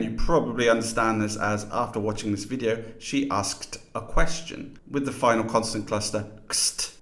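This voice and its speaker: A man's voice: on the low side, a bit bright. A man teaching a lesson in scripted narration, explaining terms and demonstrating pronunciations aloud.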